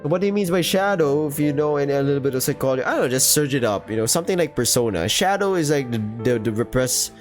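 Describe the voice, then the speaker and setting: A man's voice: a little high, expressive, fast talker, hardly any pauses, faint music behind. A man casually commenting while playing a story game. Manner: casual, joking. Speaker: gaming video host.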